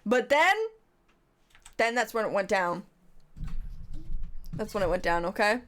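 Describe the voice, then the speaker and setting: A woman's voice: mid-range voice, animated, unhurried, fairly bright tone. A woman streamer giving comedic livestream commentary, reading slides aloud in a playful, rambling way and jumping into goofy bits.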